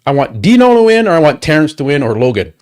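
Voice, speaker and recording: A man's voice: a little high, big pitch swings, a little mellow. A man hosting a livestream, ranting angrily with heavy swearing and repeated rhetorical questions. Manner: profane, heated, rapid repetitions and rhetorical questions. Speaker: livestream host. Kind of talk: angry watchalong rant.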